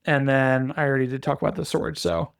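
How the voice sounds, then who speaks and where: A man co-hosting a podcast, retelling fantasy lore in a relaxed, chatty way with frequent restarts and filler words. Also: mid-range voice, quick pace, creaky, clean tone, dry recording, studio quality. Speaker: podcast co-host.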